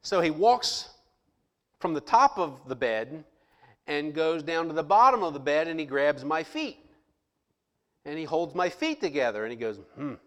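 A man telling a personal story to listeners in a lively way, acting out the people he quotes. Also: a little high, normal speed, long pauses. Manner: animated, acts out the people he quotes. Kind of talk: personal anecdote told to listeners.

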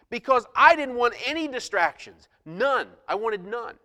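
A middle-aged male pastor telling a personal story in a sermon, animated and self-mocking. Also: extremely high pitch, normal speed, hardly any pauses. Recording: long hall reverb.

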